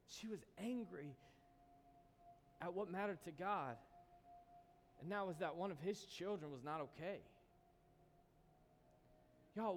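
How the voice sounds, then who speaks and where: A man preaching a sermon as pastor, telling a personal story and then building to an impassioned appeal to his church. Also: high-pitched. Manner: storytelling, rising to impassioned exhortation. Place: church hall. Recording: echoey hall with faint noise.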